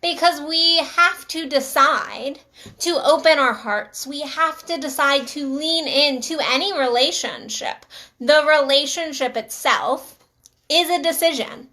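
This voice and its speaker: A woman's voice: high voice, unhurried, sharp tone. A middle-aged woman relationship coach talking casually to her channel, earnest and emphatic, often repeating herself for stress. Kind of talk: casual talk to camera.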